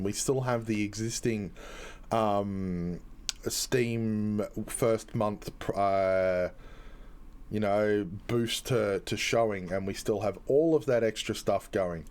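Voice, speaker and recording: A man hosting a game's community stream, who explains things to chat in an earnest, halting way with many restarts. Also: fairly low pitch. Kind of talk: live stream chat while playing.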